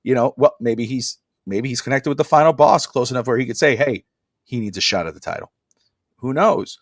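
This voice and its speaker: A man in the middle of his range talks through wrestling storylines on a podcast. He is animated and keeps jumping into other people's lines, sometimes shouting them out. The recording is close and dry, with no room sound. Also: mid-range voice, fairly quick, no room sound. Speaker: podcast co-host. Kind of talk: casual wrestling chat. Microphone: podcast mic on a live stream.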